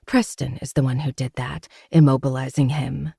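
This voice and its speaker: A woman's voice: a bass voice, steady tone, moderate pace, gravelly, dark tone, slightly rough, no room sound, clean studio sound. A woman narrating a first-person novel with dramatic storytelling.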